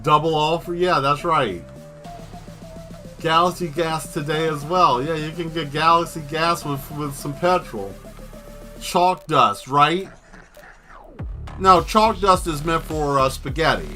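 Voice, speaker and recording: A man's voice: fairly high pitch, takes it slowly, pauses often, sharp tone, faint music behind. A man livestreaming while he draws, rambling through a joking rant and laughing at his own jokes. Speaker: livestreaming artist.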